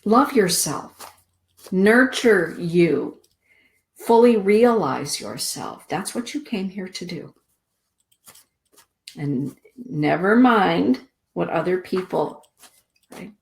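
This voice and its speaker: Slow, soothing low-voiced woman reading cards. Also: animated, gravelly. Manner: slow, soothing, deliberate delivery with drawn-out words. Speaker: host giving oracle card readings. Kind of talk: spiritual radio show card reading.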